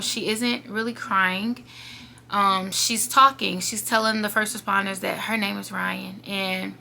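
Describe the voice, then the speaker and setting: A woman's voice: medium pitch, gravelly, bright, forceful tone. A young woman telling her viewers a painful personal story in a casual vlog, earnest and fighting back tears. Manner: earnest, emotional, talking straight to viewers. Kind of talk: emotional storytime monologue.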